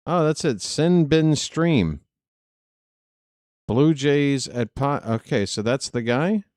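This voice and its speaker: A man's voice: medium pitch, unhurried, a little mellow, no room sound, clean studio sound. A man hosting a live baseball stream, chatting casually with viewers and joking in asides.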